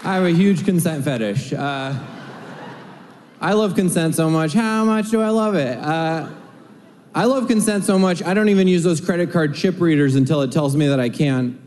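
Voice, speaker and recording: Comedian telling jokes in a reverberant club. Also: male voice, on the high side, moderate pace, darkish tone, slight background noise. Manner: observational storytelling with acted-out voices. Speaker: stand-up comedian. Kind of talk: stand-up comedy set. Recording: live club recording with long reverb and faint crowd ambience.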